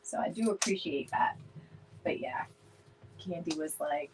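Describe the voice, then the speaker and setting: A woman's voice: sits low, animated, measured pace, darkish tone, a little hiss or hum, rough recording. A woman chatting casually with viewers during a live craft stream, laughing often and greeting people by name. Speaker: DIY home decor live streamer.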